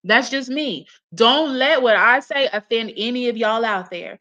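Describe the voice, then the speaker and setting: A woman's voice: a little high, unhurried, bright, forceful tone, highs cut off. A woman giving profane reaction commentary, blunt and scolding, swearing heavily as she rants. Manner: mocks others in put-on voices.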